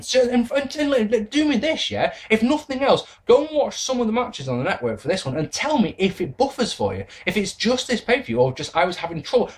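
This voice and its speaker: A man in his thirties giving a chatty, blunt video review, often restarting mid-sentence. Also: on the high side. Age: 30s. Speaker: wrestling reviewer, channel host.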